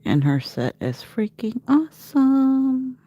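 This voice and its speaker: Animated woman chatting through a nail tutorial. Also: high-pitched, takes it slowly, highs cut off. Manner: chatty, rambling, talks to viewers by name; softly narrates her steps. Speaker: nail artist. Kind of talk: live nail tutorial chat.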